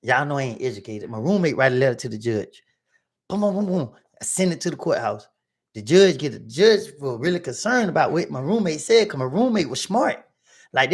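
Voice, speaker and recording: Storyteller: man, gravelly and a bit high, casual street talk, acts out every voice in his story for a livestream. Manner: animated, acting out both sides of arguments in his story; slangy street vernacular. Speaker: livestream host telling a story.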